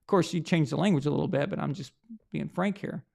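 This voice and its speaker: A man's voice: fairly high pitch, fast talker, gravelly, warm tone. A man hosting a sports reaction show, delivering a blunt, heated rant full of rhetorical questions and profanity. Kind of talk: opinionated sports commentary rant.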